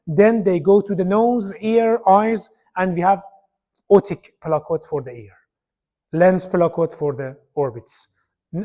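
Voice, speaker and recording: Male lecturer, high voice, repeats key terms while pointing at slides. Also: darkish tone. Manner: repetitive, pointing at slides, non-native phrasing. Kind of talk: university lecture.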